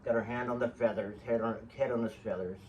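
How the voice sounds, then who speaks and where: On his own show, this host rattles quickly through casual, wandering stories, cracking jokes to listeners along the way. He has a mid-range voice with fairly even intonation, and the lo-fi recording comes from a distant mic with faint hiss.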